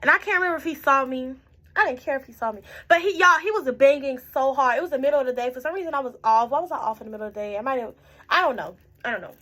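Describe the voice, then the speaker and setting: A woman's voice: high-pitched, very fast, bright, forceful tone. A tipsy young woman telling a storytime in casual, profane chat, jumping around as she goes. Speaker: storytime vlogger.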